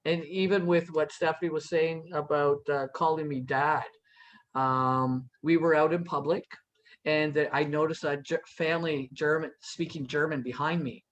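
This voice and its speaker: A man's voice: on the high side, steady tone, normal speed, a bit bright, highs cut off. A man speaking as a panel guest, telling a personal story in an earnest, reassuring way with frequent restarts.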